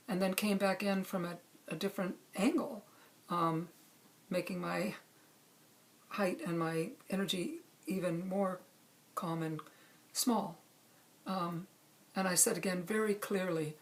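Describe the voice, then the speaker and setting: A middle-aged woman calmly telling a true personal story, with measured pauses. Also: fairly low pitch. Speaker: speaker sharing a personal story.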